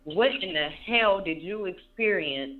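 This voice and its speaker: Earnest thirty-year-old woman, low voice. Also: lively intonation, measured pace, narrow, tinny audio. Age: about 30. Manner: earnest, repeats her points for emphasis. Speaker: interview guest. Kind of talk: candid emotional interview talk.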